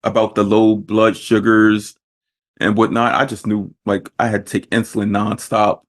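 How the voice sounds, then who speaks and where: A podcast host with a lowish, flat-sounding voice speaks at a moderate pace in casual conversation. He comes across as thoughtful and frequently restarts his sentences.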